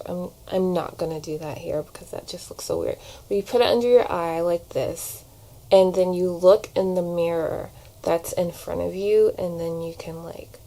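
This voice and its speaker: A woman vlogger and actor with a low, creaky, dark-toned voice chats while doing her makeup at home in a casual get-ready-with-me. She rambles a bit and says "like" a lot. A camera propped on a shelf captures her, and the audio is poor.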